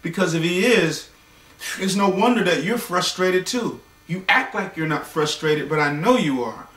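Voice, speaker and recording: A man's voice: high voice, lively intonation, moderate pace, a bit bright. A man voicing a frustrated young woman on a bad date, speaking bluntly and with exasperation. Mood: demanding. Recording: echoey room, voice far from mic.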